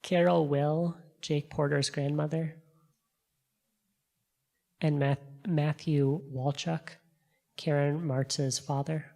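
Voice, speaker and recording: Slow, flat-voiced service leader. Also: mid-range voice, vocal fry. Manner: measured, even reading of a list. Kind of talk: reading names of the departed.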